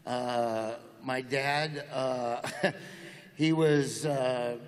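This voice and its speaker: A man telling folksy, deadpan jokes as a guest in an interview. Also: mid-range voice, very slow. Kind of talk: joking interview talk. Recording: long reverb of a large hall.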